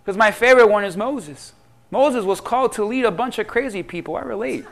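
A man preaching a sermon, acting out prayers and Bible figures, swinging between loud pleading and hushed asides. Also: high-pitched, a little fast, vocal fry. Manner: acts out prayers and Bible figures in quoted speech. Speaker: pastor.

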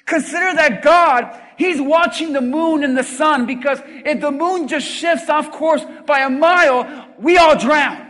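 A man preaching a sermon, swinging from loud emphatic shouts to quiet, drawn-out phrases in a church. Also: very high-pitched. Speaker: pastor. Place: church sanctuary. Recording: long reverb in a large hall.

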